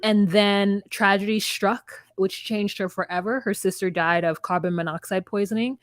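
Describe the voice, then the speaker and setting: A woman's voice: mid-range voice, steady tone, moderate pace, dry recording, clean studio sound. A woman co-hosting a podcast, recapping a reality show in casual chat with a wry, hesitant manner. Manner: chatty and wry, with frequent hesitations and laughs. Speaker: podcast co-host.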